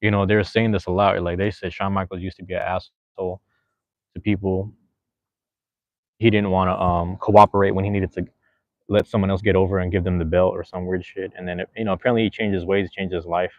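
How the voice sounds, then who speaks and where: A deep-voiced man runs a podcast, reading the live chat fairly quickly with little pitch movement. He's relaxed and slangy, rambling along with lots of fillers, and the sound is lo-fi with no echo.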